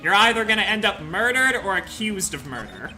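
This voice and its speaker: A woman's voice: medium pitch, big pitch swings, fairly quick, sharp tone, faint music behind. Chatty woman streaming a game. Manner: chatty, joking asides. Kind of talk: casual let's-play commentary.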